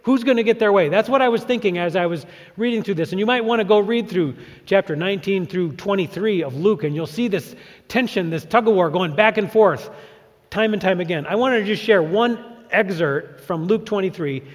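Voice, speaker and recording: A man preaching a sermon as pastor, animated and dramatic, acting out crowd shouts. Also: sits high, fairly quick. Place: church sanctuary. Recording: long church reverb.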